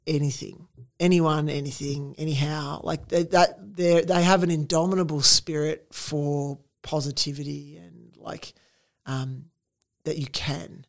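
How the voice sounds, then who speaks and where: A woman's voice: low voice, level tone, measured pace, vocal fry. An Australian woman guest talking casually in an interview, chatty with lots of fillers and laughter.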